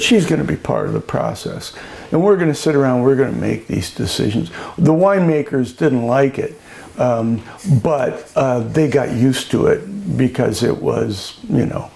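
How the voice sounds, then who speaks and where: Older man, gravelly, mellow tone, chatty interview storyteller, laughs a lot. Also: medium pitch. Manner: chatty, laughs often, acts out quoted voices. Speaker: winery owner. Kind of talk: oral history interview, anecdotal storytelling.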